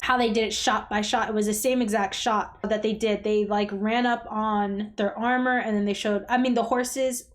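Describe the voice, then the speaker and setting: A woman hosting a reaction video, talking bluntly to the screen with frequent exclamations and swearing. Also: fairly high pitch. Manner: blunt, swears freely, talks straight to the screen; emotional, exclaims and gasps often. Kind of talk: casual reaction commentary.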